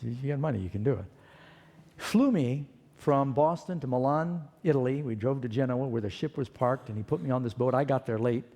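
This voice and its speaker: A man preaching, telling his own life story in an animated way and acting out the voices of people in it. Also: mid-range voice, in a large hall. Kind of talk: storytelling sermon testimony.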